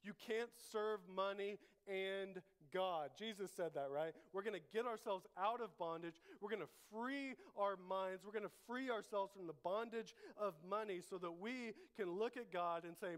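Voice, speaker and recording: High-voiced emphatic male pastor. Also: moderate pace, hardly any pauses, smooth. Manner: emphatic, repeats lines for the congregation to echo. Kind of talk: sermon. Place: church.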